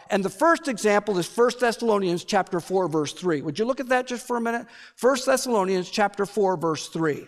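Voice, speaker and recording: A male pastor telling a family story in a sermon, with slow, emphatic, deliberate delivery. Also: very high voice, a bit bright.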